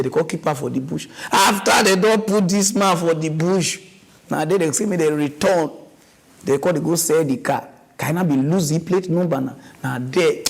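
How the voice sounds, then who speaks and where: A man with a Nigerian accent hosts a mock news segment in a loose, rambling comic rant. His voice sits high, and he talks in an animated, wandering way, slipping into pidgin. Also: creaky, low-quality recording. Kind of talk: comic ranting commentary.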